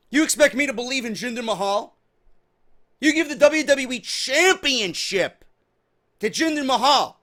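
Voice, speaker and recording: A man's voice: sits high, sharp tone. A man hosting a wrestling opinion show, ranting in an angry, profane and heated way. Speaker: wrestling commentary host.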